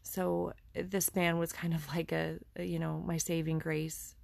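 Slow, gravelly-voiced woman telling a story. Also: low-pitched, flat delivery, a little mellow, no echo. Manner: earnest, conversational, with restarts. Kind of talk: personal story narration.

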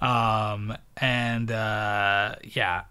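A man's voice: lowish voice, little pitch movement, extremely slow, bright, forceful tone, smooth. Laughing, joking man co-hosting a podcast. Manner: joking, laughs often, sarcastic asides. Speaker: podcast co-host. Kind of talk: casual chat recapping a film.

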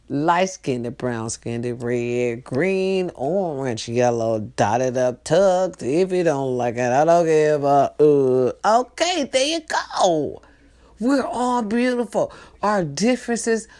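A woman talks straight to her viewers in a casual live monologue. Her voice sits on the low side, but her pitch swings widely. She keeps checking in with her audience, then drops into quiet asides. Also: slow. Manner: animated, swings between loud outbursts and hushed asides. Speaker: host.

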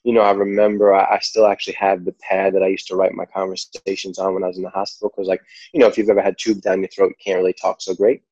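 A man with a New York accent and a very low, deep voice tells stories as a guest in a loose, easygoing way, leaning on "like" and "you know". The sound is dry and close, with no room around it. The recording is a little dull and muffled. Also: level tone, quick pace, hardly any pauses, darkish tone, breathy edge, no echo. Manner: rambling, full of "like" and "you know". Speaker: podcast guest. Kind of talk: casual storytelling.

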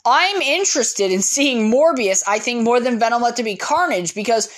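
A woman talks through her movie opinions in a loose, off-the-cuff monologue. She is frank and opinionated and leans on plenty of "um" and "you know," with the odd swear word. Her voice sits a little higher than most. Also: lively intonation, moderate pace. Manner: candid, opinionated, frequent fillers and swearing. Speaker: movie commentator.

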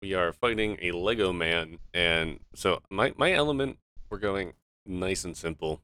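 A man playing as a contestant in a casual podcast game, animated and excitable. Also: sits low, unhurried, clear, resonant tone.

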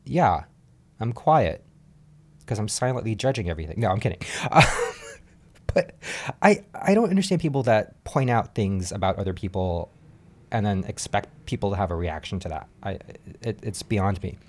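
Casual podcast host, male, lower voice, chatty with lots of fillers and laughs. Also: moderate pace. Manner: chatty, animated, laughs often, frequent fillers. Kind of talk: casual recap commentary. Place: home apartment.

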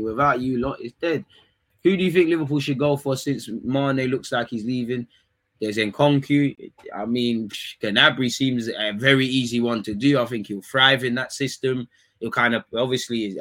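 Fast-talking young man streaming. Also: medium pitch, fairly bright tone. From England. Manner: fast slangy chatter, teasing chat, quick asides. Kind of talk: casual live-stream chat reading comments.

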